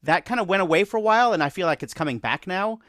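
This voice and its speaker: A man's voice: high voice, animated, fast, fairly bright tone, no echo, studio quality. A man hosting an interview, listening attentively with short affirming reactions and friendly comments. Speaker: host, interviewer. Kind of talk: casual conversation.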